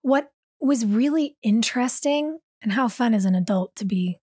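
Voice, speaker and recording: A young adult woman, an actress guest, telling a story in a casual interview with animated, quick delivery. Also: a little high, slightly rough, no echo, studio quality.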